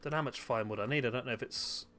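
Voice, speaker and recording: A man's voice: medium pitch, rapid-fire, bright, forceful tone. Laughing, joking man gaming. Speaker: gaming video host. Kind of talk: casual chat while gaming.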